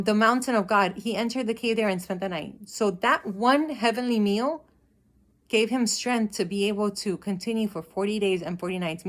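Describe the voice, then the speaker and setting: A woman speaking at an ordinary middle pitch, chatting to her viewers about scripture she has been reading. She retells the stories loosely and with amusement, leaning on "like" and "you know" as she goes. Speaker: vlogger sharing Bible reading. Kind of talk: casual Bible commentary vlog.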